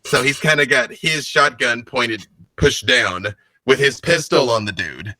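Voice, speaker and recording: Guy running a tabletop game, bright voice, dry close sound. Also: mid-range voice, measured pace, no room sound. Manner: lively storytelling narration. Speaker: game master.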